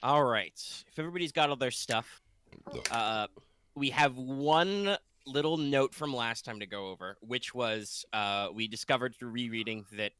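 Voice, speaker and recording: Bright, smooth-voiced man running the game. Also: mid-range voice, moderate pace. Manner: relaxed, joking, scene-setting. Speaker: game master. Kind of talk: narrating a tabletop game.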